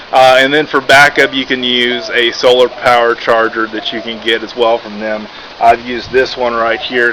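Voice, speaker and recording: A man from Texas giving a casual, rambling product review, full of "uh" and "basically", with lots of restarts. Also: medium pitch. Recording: background noise.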